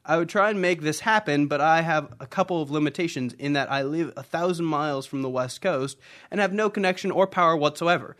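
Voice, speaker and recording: A man's voice: on the high side, a little fast, fairly bright tone. A man co-hosting a casual podcast, reading listener letters aloud and playing with put-on voices.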